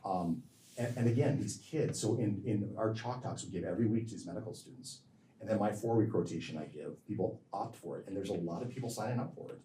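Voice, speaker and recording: A physician answering audience questions after a lecture, talking in long, rambling stretches that stop, restart and repeat words. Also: male voice, on the low side, fast talker, dark tone, slight background noise. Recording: echoey hall from far off.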